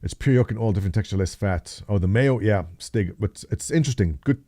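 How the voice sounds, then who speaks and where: Mellow-voiced joking man in his thirties. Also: fairly low pitch, a little fast, dry recording, studio quality. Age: 30s. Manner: joking, rambling, answers chat by name. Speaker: livestream host. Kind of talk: casual chat with live chat readers.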